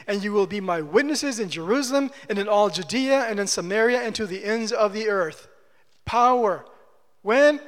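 A man preaching a sermon as pastor, emphatic and repeating phrases for stress. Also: high voice. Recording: long hall reverb.

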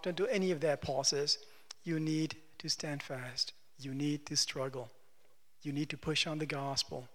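Emphatic high-voiced male preacher. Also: fairly bright tone. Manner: emphatic, repetitive exhortation. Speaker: pastor. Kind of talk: sermon. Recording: long church reverb.

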